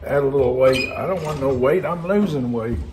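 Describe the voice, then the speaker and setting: A man's voice: mid-range voice, brisk. A man chatting casually on a live stream, rambling and joking with frequent laughs, talking from inside a vehicle. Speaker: vlogger. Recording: noisy car ambience.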